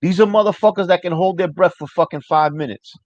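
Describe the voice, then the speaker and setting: A man's voice: sits high, quick pace, no room sound. Profane, rambling New man. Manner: loose, profane, rambling, answers chat. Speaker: livestream host. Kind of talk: casual livestream chat. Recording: dry, dull lo-fi mic.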